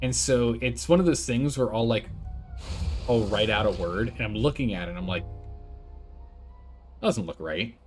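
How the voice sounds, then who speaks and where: A man's voice: mid-range voice, a little fast, soft background music. A man casually commentating his building game on a live stream, thinking aloud, answering chat and laughing often.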